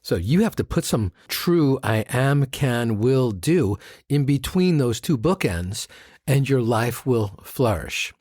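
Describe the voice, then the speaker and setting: A man co-hosting a podcast as a meditation teacher, teaching in a relaxed conversational way with rhythmic, playful delivery. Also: mid-range voice, slow pace, no room sound, studio quality. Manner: warm rhythmic chanting of mantras, playful asides.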